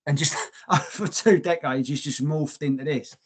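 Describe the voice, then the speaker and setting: A man's voice: fairly high pitch, normal speed. A man co-hosting a podcast in casual chat, blunt and swearing freely. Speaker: podcast co-host.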